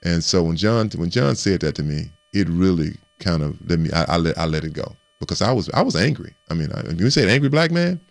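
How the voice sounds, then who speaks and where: Male guest, very low and rough-edged voice, chatty storyteller with lots of restarts, dry close sound. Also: a little fast, hardly any pauses, no room sound. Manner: animated storyteller who repeats and restarts words and acts out quotes. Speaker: guest recounting his playing career. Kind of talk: casual storytelling interview.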